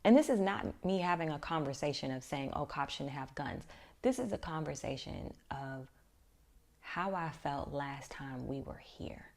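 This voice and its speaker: Low-voiced woman telling her story softly. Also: lively intonation, moderate pace. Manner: reflective, often drops to a near-whisper. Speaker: vlogger. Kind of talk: personal storytelling vlog.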